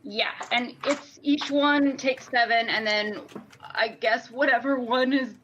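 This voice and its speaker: A woman's voice: fairly high pitch, steady tone, unhurried, fairly bright tone, muffled recording, slight background noise. A woman at a tabletop game, working methodically through the dice results. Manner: methodical, works through the numbers. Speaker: player. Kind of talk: casual game chat.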